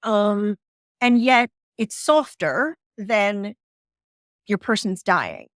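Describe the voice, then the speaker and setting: A middle-aged woman from the northern United States, talking earnestly and in measured phrases as a podcast guest and reading a page of her own book aloud. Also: mid-range voice, animated, no echo, studio quality. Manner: earnest, measured, pauses with fillers.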